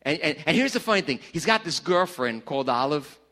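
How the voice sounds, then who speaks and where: A pastor preaching a lively sermon to his congregation. He has a fairly high voice for a man, and he jokes with the crowd and teases them between points. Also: a little fast. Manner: animated, joking with the congregation. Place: church service before a congregation.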